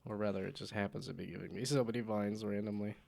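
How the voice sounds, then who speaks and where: A man's voice: lowish voice, steady tone, fast talker, creaky, darkish tone. A man with a sick voice, casually thinking aloud and muttering to himself while coding on a live stream. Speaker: game developer streaming live.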